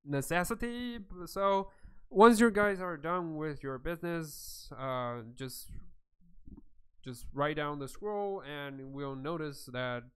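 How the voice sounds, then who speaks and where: A man voicing a weary, secretive male deep gnome artificer who speaks formally and with resignation. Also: slow pace, a bit bright, clear, resonant tone. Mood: resigned.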